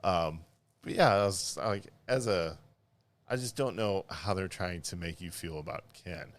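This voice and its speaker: Very deep-voiced man co-hosting a podcast. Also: moderate pace. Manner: rambling, filler-heavy, laughs mid-sentence. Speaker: podcast co-host. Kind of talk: casual chat.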